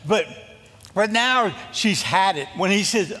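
Animated male pastor in a reverberant hall. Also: high-pitched, takes it slowly. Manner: animated, jokey storytelling that acts out scripture quotes. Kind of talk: sermon.

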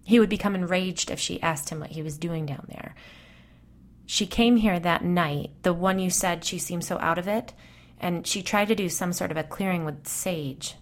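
A woman host calmly narrating a scripted ghost story. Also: lowish voice, moderate pace.

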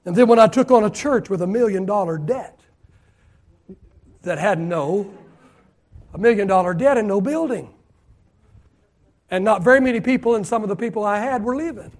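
Preaching a sermon, this middle-aged pastor has a remarkably high voice for a man. His delivery lurches from shouted emphasis to quiet, hushed asides, and he stretches out important phrases slowly for emphasis.

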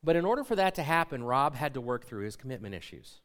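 A man's voice: medium pitch, very animated, fast talker. A man in his forties, a pastor, preaching a sermon by telling a self-mocking personal story and acting out the dialogue.

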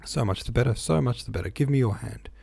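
A man reading a novel aloud, voicing a flirtatious, chatty baroness in his own gravelly voice. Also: mid-range voice, fast talker, dark tone. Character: flirtatious chatty baroness, woman, society lady.

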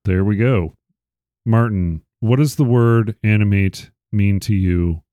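A man hosting a podcast, reading out word definitions deliberately and asking questions. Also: on the low side, clean tone, no echo, highs cut off. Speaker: podcast host. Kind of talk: casual interview chat.

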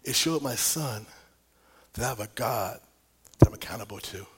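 A middle-aged man preaching a sermon, telling a personal story with big swings from whispers to loud, laughing exclamations. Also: mid-range voice, moderate pace, breathy edge. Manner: animated storytelling, dropping to whispers and rising to near shouts.

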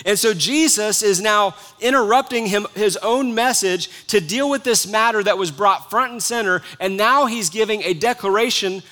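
High, bright-voiced preaching man. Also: moderate pace, few pauses. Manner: earnest preaching, swings between soft hushed lines and rising emphatic ones. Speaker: pastor. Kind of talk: sermon.

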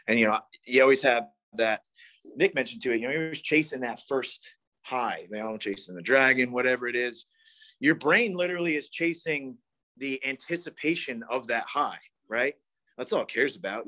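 A man's voice: mid-range voice, fairly bright tone. A young man from the East Coast sharing a candid, profane, rambling recovery story with a group. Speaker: recovery meeting speaker. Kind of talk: candid personal testimony.

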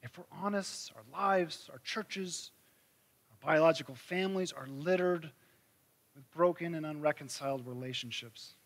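A male pastor with a high, bright voice delivers a sermon. He talks in a conversational way, builds vivid scenes for his listeners, and checks in with questions like "right?" and "okay?". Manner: conversational preaching with vivid illustrations and rhetorical questions.

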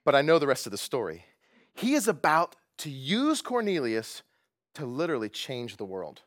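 A man preaching as a pastor, animated and jokey, laughing now and then. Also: medium pitch, normal speed. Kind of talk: sermon. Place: church gathering.

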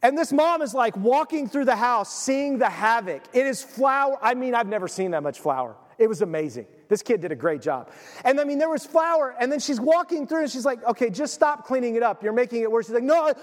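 A man preaching in a church sanctuary, his voice very high for a man and carried by a long hall reverb. He tells stories with animation and slips into the voices of the people he describes. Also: brisk. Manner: animated storytelling, acts out quoted voices. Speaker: pastor. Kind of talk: sermon.

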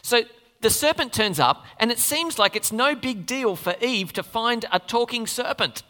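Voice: mid-range voice, expressive, normal speed, pushed and bright. A preacher giving a sermon in a conversational way, asking the congregation questions and adding playful asides. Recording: long reverb of a large hall.

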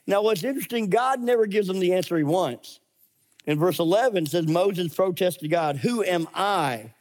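A middle-aged male pastor preaching a sermon, animated and acting out voices in his stories. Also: high-pitched, moderate pace. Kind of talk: sermon with scripture reading.

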